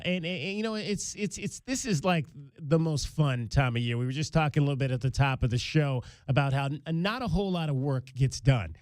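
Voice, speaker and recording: A man's voice: a little high, dry recording. A man hosting a sports talk radio show, chatting casually with many fillers and restarts. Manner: conversational, with frequent fillers and restarts.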